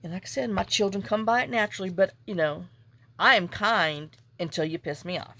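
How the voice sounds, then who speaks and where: A woman's voice: medium pitch, brisk, bright, forceful tone, a little hiss or hum. A woman vlogger telling a story in a chatty, exasperated way while she works on a papercraft project at home. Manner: chatty, exasperated, salty venting. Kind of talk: casual storytelling while crafting.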